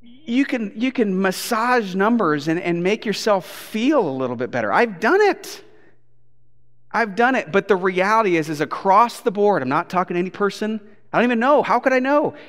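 A man in his thirties preaches a sermon in a church auditorium, his fairly high voice carrying a long, ringing reverb. He tells stories with animated delivery and breaks into his toddler's replies. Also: normal speed. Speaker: pastor.

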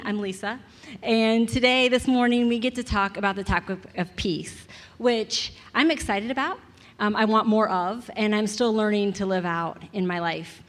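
A woman, giving a church message in a soft-spoken, self-deprecating way with hesitant restarts. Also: mid-range voice. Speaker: guest speaker. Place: church sanctuary. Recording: long reverb of a hall.

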